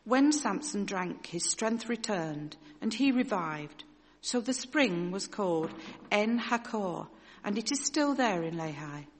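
A woman reads scripture aloud in a measured, steady way. Her voice sits at an ordinary middle pitch. A long hall reverb trails each phrase. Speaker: scripture reader. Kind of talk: reading scripture aloud in church.

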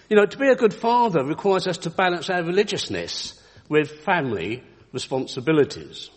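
Man, earnest devotional storyteller, husky voice, lively pitch, long reverb. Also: fairly quick. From United Kingdom. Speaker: Christian speaker. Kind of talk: devotional talk with anecdotes.

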